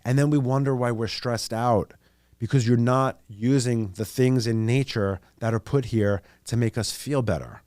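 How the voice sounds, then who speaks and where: A man's voice: medium pitch, fairly even intonation, moderate pace, darkish tone, no room sound, clean studio sound. A young man, hosting a podcast in a loose, rambling monologue with joking asides. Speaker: podcast host. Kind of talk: casual monologue.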